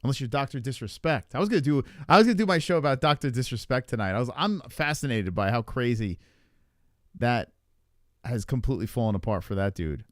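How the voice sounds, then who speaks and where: A man's voice: medium pitch, animated, fairly quick, dry recording, clean studio sound. A man hosting a live stream, chatting casually and reacting to viewer comments with swearing, laughter and rambling restarts. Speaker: livestream host.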